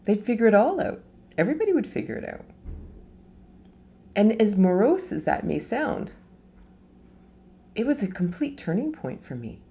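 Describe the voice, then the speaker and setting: Middle-aged lady teacher rambling in a live talk, warm mellow voice, lots of laughs and "you know?". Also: mid-range voice, sing-song, moderate pace, gravelly, long pauses. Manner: chatty, laughs often, asks rhetorical questions.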